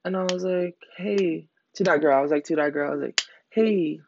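A late-teen podcast host who rambles through stories in a loose, slangy voice and swears constantly. The pitch sits in an ordinary middle range. The sound is dull and lo-fi, with a faint hiss underneath. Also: fairly quick, creaky. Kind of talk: casual storytelling monologue. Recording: dull lo-fi recording.

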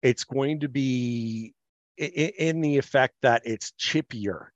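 Man, podcast host, measured sports chat, unhurried, slightly muffled, dry. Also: mid-range voice, no room sound. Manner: measured, thinks aloud with fillers.

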